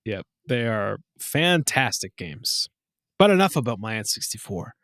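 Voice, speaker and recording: A man in his thirties co-hosting a casual podcast, telling stories with lots of swearing and acting out quotes in a high voice. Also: very animated, measured pace, vocal fry, a bit bright, no room sound, clean studio sound. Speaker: podcast co-host. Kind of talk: casual chat.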